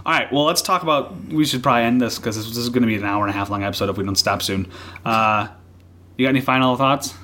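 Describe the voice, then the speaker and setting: A man co-hosting a casual podcast about comics, talking in an excited, rambling way with frequent laughs and restarts. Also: medium pitch, fast, slight background noise. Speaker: podcast co-host.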